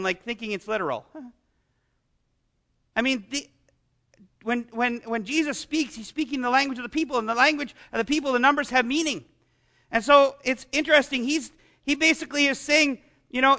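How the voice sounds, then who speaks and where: High, bright-voiced male pastor preaching. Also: brisk. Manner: animated, rhetorical questions, self-deprecating asides. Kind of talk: sermon.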